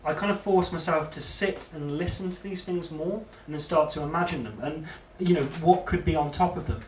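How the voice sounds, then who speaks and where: A man's voice: a little high, brisk. A man giving a casual, rambling, self-deprecating demo of electronic music gear. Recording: echoey room, distant mic, loud background noise.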